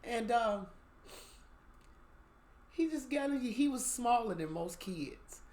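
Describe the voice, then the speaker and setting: A woman's voice: on the high side, expressive, takes it slowly. Emphatic woman telling a personal story. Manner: candid, emphatic storytelling with sudden loud bursts. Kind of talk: personal spiritual reflection. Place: outdoors.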